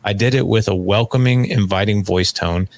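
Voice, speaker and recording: A man in his forties talks as a guest on a podcast, with a low voice and plenty of vocal fry. He tells stories with energy and slips into the voices of the people in them. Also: normal speed. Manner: animated storyteller acting out dialogue. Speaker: podcast guest, fatherhood coach. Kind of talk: casual interview conversation.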